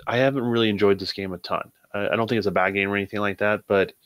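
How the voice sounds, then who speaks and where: A man speaks in a measured, thoughtful way on a gaming chat panel, hedging his views. His voice is fairly low and steady. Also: no echo.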